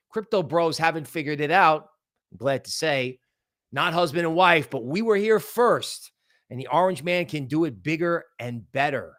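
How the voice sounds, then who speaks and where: Excitable man rambling through market talk. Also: fairly high pitch, no echo, clean studio sound. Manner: excitable, rambling, thinks aloud. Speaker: crypto channel host. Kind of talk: livestream market commentary.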